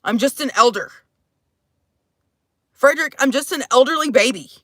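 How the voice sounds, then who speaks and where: A woman in her thirties from Texas talks loosely on a livestream. She blends accents, swears freely and rambles between sighs. Her voice sits a little high and sounds close and dry. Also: expressive, moderate pace, a bit bright, no room sound. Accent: mixed, shifting accents. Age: 30s. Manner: profane, rambling, sighing often. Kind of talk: casual livestream chat.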